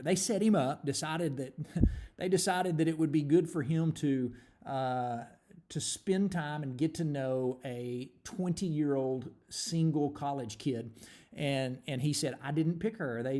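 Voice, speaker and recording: A man in his forties earnestly telling a personal story, animated, with frequent repeated starts. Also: on the high side. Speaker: ministry speaker.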